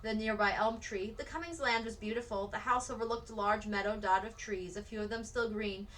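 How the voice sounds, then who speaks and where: Lady reading a kids' novel aloud, steady, bright voice. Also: a little high, rough recording. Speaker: read-aloud narrator.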